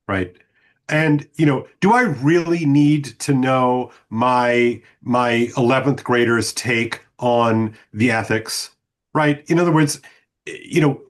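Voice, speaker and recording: Man, teacher, podcast guest, reflective, lecturing, halting restarts, mid-pitched voice, video call. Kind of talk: casual discussion on a video call.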